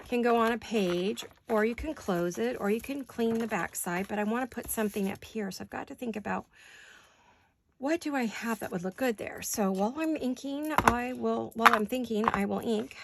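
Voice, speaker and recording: A woman chats easily to her viewers as she works on paper crafts in her home studio. She thinks out loud and laughs easily. Her voice has a gravelly texture, and there is a faint hiss in the background. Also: fairly high pitch. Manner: chatty, thinks aloud while working, quick to laugh. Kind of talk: casual crafting chat to camera.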